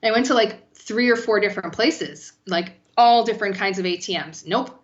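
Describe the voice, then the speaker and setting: A woman guest telling animated, profane stories in a casual podcast chat, peppering her talk with "like.". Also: mid-range voice, brisk, dull audio. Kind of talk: casual storytelling.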